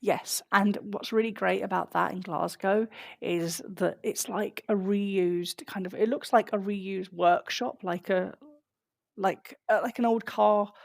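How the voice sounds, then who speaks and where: Gravelly London woman chatting. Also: mid-range voice, fairly even intonation, measured pace, a little mellow, no room sound, clean studio sound. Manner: chatty, lots of "like" fillers. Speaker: podcast co-host. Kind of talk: casual chat.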